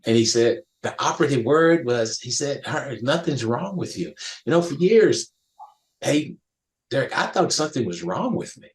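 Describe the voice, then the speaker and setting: A man's voice: medium pitch, sing-song, moderate pace. An older man, a podcast guest, telling an emotional story from his youth with emphatic restarts. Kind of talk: storytelling in an interview.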